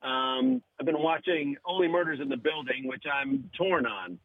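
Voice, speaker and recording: A comedian and podcast host, appearing as a guest on a radio show, chats casually and tells an animated story, acting out voices and laughing often. His voice is a little high at a moderate pace, with phone-quality sound over music.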